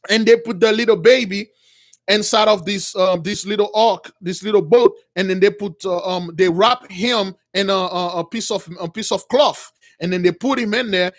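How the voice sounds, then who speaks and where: A man earnestly retelling a religious vision in unscripted, halting speech, full of restarts and repeated words. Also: sits high, fairly bright tone. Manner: earnest, dramatic storytelling. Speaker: religious storyteller.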